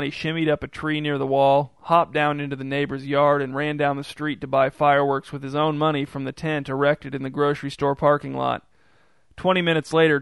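A man reading a story aloud in an even, measured way. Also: a little high, creaky, clean tone, no echo. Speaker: narrator.

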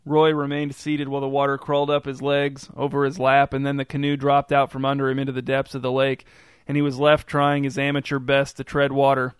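A man reading a short story aloud in an even, unhurried storytelling delivery. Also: medium pitch, clean tone, no room sound, clean studio sound. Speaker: narrator. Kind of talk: scripted story narration.

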